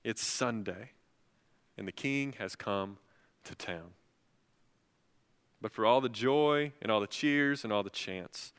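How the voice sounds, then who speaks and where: A male pastor preaching a sermon, swelling to loud, passionate peaks. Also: lowish voice, smooth. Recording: long hall reverb.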